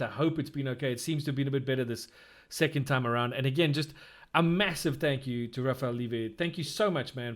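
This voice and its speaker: A man hosting a casual gaming podcast, upbeat and enthusiastic as he wraps up. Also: mid-range voice. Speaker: podcast host. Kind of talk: casual chat.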